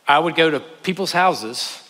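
A man preaching a sermon with dynamic delivery, rising to loud exclamations and dropping to hushed asides. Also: a little high, animated, a little slow. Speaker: pastor. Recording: long hall reverb.

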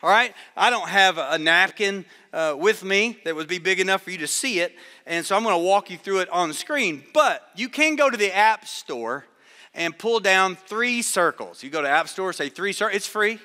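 Bright, animated male preacher in a hall. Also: high voice, moderate pace. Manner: animated, acts out voices in his story. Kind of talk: sermon storytelling to a live audience.

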